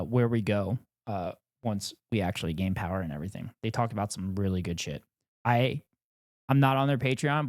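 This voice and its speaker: A man's voice: on the low side, no echo, studio quality. A man streaming live, casually reacting and joking with plenty of swearing. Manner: profane, animated and joking.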